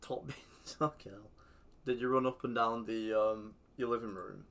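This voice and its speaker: Sweary excitable man streaming. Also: lowish voice, moderate pace, vocal fry. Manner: sweary, excitable, shouts at the game. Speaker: streamer playing a football manager game. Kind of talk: casual gaming commentary.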